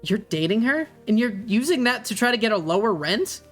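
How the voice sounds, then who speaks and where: A game master puts on an earnest young cleric sister who stumbles over her words. Her voice sits at a middle pitch, and faint music plays under the table talk. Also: sing-song, fairly bright tone. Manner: halting, repeats words as she speaks.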